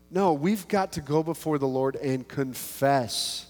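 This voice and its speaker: A man's voice: fairly high pitch, animated, moderate pace, few pauses, big-room sound. A man preaching a sermon in a casual, self-mocking way, acting out little prayers and conversations. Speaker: pastor.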